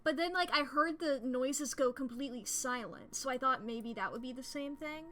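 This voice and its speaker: A woman streaming a game, chatting casually and excitably, swearing freely and rambling as she plays at a home desk setup. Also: high-pitched, moderate pace, a little hiss or hum. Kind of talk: casual gameplay commentary.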